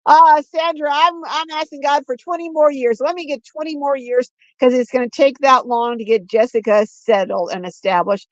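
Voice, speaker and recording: A woman's voice: sits high, fairly even intonation, no echo, lo-fi sound. An older woman hosting a casual livestream, rambling and chatty as she reads out viewer comments, recorded on a phone. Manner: rambling, chatty, frequent restarts and slow drawn-out words. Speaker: livestream host.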